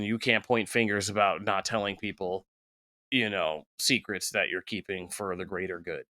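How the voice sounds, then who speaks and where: Male podcast guest, smooth resonant voice, hiccuping, animated and wry. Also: deep voice, moderate pace, no room sound, clean studio sound. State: has the hiccups. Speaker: guest critic. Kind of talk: casual podcast discussion.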